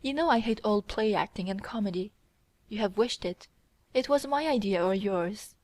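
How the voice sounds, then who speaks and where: Cold, contemptuous young mistress read by a woman, commanding tone, mid-pitched, dry booth sound. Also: moderate pace, darkish tone, no room sound, natural voice. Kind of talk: audiobook character reading.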